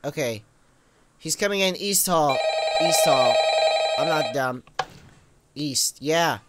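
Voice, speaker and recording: A young man giving let's play commentary, excitable, talking straight to viewers and grumbling at the game, with fits of sneezing and coughing. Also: on the high side, takes it slowly, very noisy. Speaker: gamer.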